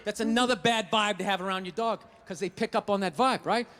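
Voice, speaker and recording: A man's voice: sits high, brisk, a bit bright, long reverb tail. A male stand-up comedian ranting in an exasperated, profane way during a live routine.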